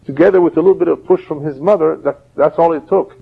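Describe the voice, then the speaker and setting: A man, a rabbi, giving a religious lecture and teaching through parables in a steady, explaining way. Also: a little high, quick pace, vocal fry, breathy edge. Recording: dull lo-fi older audio.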